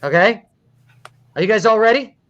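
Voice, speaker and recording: Laughing comedy host, dull lo-fi sound. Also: male voice, sits high, expressive, normal speed, fairly bright tone, slight background noise. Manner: laughs often, wry running commentary. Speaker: comedy talk show host. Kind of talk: joking live show hosting.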